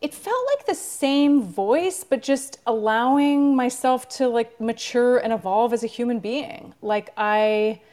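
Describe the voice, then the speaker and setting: A woman's voice: fairly high pitch, unhurried, few pauses, a little mellow. A woman author being interviewed, talking in a reflective, chatty way with lots of fillers. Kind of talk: casual interview talk.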